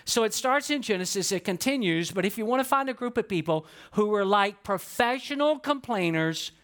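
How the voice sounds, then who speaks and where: A man's voice: high voice, animated, moderate pace, fairly bright tone. A man, a pastor, preaching a sermon in a loose conversational way, asking the listeners questions and acting out quotes.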